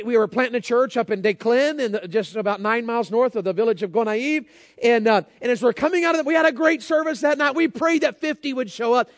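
Folksy preacher, high voice. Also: male voice, dry recording. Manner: folksy storytelling, calls out to congregation. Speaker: pastor. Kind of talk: sermon.

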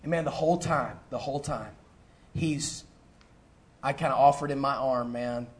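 A middle-aged man, a pastor telling a personal story in a sermon, animated and full of fillers and restarts. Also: mid-range voice, normal speed. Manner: animated, repeats himself, lots of fillers.

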